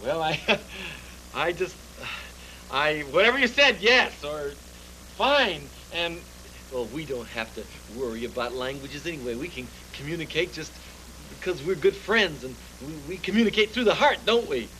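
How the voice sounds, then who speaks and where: Man doing a flustered stammering bunny, puppet show, fairly high voice, bright tone, polite and fussy. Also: animated, normal speed, slight background noise, poor audio.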